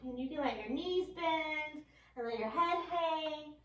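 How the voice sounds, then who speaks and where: A bright, high-pitched woman with a New York accent leads a kids' yoga class with playful, encouraging cues. She sounds a little far from the mic, and her voice echoes around the room. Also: unhurried. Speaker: yoga teacher. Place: yoga studio.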